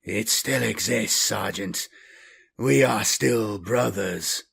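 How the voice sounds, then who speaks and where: A grave, unhurried traitor captain in power armour, as a man reads him aloud. His voice is gravelly and held low, each word slow and measured. It is an audiobook reading. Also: fairly bright tone, exaggerated voice. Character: traitor space marine captain, cold, measured.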